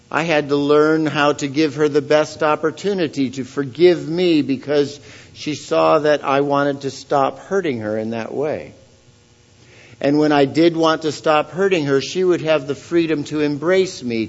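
In a church, a man preaching as pastor speaks earnestly and poses questions to the congregation, his voice swelling loudly on key points. His pitch is a little high, and the recording sounds muffled.

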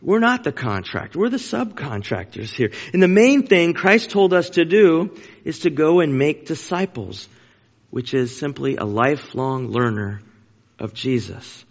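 A man's voice: on the high side, lively intonation, unhurried, creaky. A male pastor preaching a sermon to his congregation, earnest and emphatic, repeating his key phrases. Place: church sanctuary. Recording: dull lo-fi sound in a long-reverb sanctuary.

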